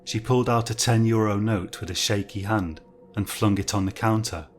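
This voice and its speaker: Male horror storyteller, measured and low, soft music under. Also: steady tone. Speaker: narrator. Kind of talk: scripted horror narration.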